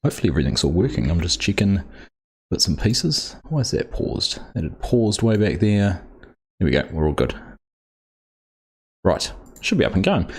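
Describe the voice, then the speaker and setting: A man's voice: deep voice, very animated, normal speed, slightly rough. A man hosting a live farming game stream, chatting casually and greeting viewers by name while he plays. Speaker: livestream host. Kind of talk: casual gameplay commentary.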